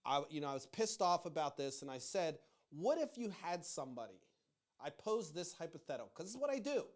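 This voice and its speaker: Middle-aged male host, profane rambling rant, fairly high voice, loud and fired up. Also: animated, fast. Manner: fired-up, profane, yelling emphasis; rambling with restarts. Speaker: political commentary host.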